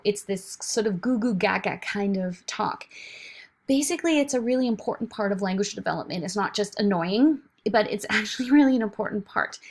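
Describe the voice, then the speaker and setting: Chatty woman giving a recorded lecture. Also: mid-range voice. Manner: chatty, animated, slips into sing-song baby talk. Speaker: instructor.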